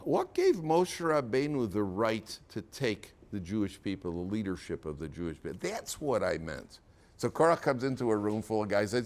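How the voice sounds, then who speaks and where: A man's voice: mid-range voice, moderate pace. A man, a rabbi, giving a Torah lecture to students in a classroom, telling the story vividly and acting out the characters. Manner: lively storytelling, acts out characters.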